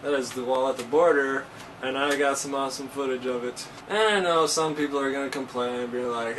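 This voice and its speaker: A man talking to camera in a casual vlog, joking and animated, his voice jumping up in pitch for emphasis. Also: fairly quick. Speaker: vlogger. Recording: distant mic with faint ambient noise.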